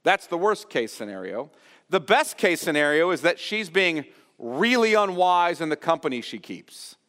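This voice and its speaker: A man's voice: fairly high pitch, big pitch swings, fairly bright tone. Preaching man in an echoing church. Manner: earnest, explanatory, pauses to restate phrases. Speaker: pastor. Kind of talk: expository sermon. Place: church sanctuary.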